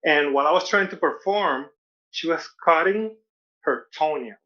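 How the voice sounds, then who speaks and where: A man's voice: fairly high pitch, normal speed, pushed and bright. A man from Venezuela with a Venezuelan Spanish accent, a self-deprecating stand-up comedian performing over a video call. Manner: self-deprecating, repeats and restarts words. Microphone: video call mic. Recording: dull lo-fi video call audio.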